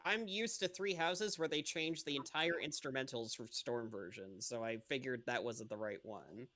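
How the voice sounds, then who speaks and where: A man's voice: medium pitch, normal speed, pushed and bright, no echo. A man playing in an online tabletop game, chatty and laughing as he talks. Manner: chatty, laughs while talking. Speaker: player. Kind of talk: casual tabletop play over voice chat.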